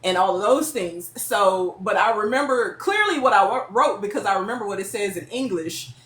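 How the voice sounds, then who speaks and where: A woman, telling stories as a guest in a casual interview, lively and quick to laugh. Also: medium pitch. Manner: lively, laughing, chatty storyteller. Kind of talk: casual storytelling. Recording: echoey room with faint ambience.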